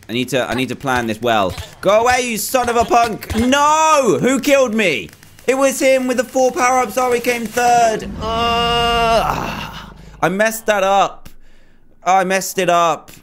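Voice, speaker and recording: A young man commentating live on his own gameplay, excitable and quick to exclaim, often repeating himself. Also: medium pitch, slight background noise. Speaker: gaming YouTuber.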